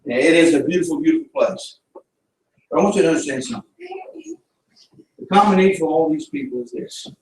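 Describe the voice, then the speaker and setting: A man's voice: a little high, animated, a little fast, creaky, pauses often. Southern missionary man preaching in an echoey church. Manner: folksy storytelling, fervent preaching. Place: church sanctuary. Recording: echoey church room from a distance.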